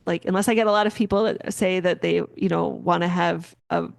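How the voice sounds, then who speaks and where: Low, gravelly-voiced woman rambling casually. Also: steady tone, fairly quick, dry recording. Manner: rambling, filler-heavy, gently encouraging. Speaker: podcast host. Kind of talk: casual spoken explanation.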